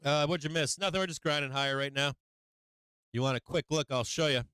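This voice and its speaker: A man's voice: a little high, fairly quick, pushed and bright, clean tone, no room sound. A man hosting a live stream, ranting casually with lots of swearing and frequent laughs. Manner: profane, laughing often, rambling.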